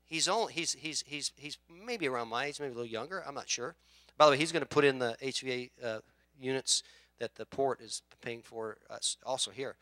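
In a dry recording, a man preaches as pastor in a brisk, mid-range voice. He tells a story full of acted-out voices, veering from quiet asides to shouts.

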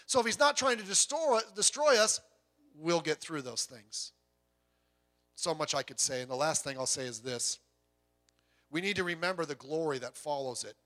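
A male pastor delivers a sermon with a high-pitched, bright and forceful voice. He talks conversationally, asks the congregation rhetorical questions and drops in joking asides.

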